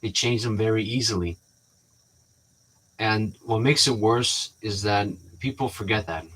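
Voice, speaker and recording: A man's voice: fairly low pitch, a little slow, fairly bright tone, husky. A man talking in a rambling, casual way to his viewers, often restarting sentences and acting out what people said to him. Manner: rambling, restarts often, acts out quoted exchanges. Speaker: vlogger.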